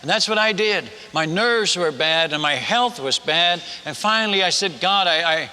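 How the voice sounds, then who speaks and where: A male missionary preacher telling a story in a sermon, animated and self-mocking, with frequent halting restarts. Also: on the high side, smooth, long reverb tail.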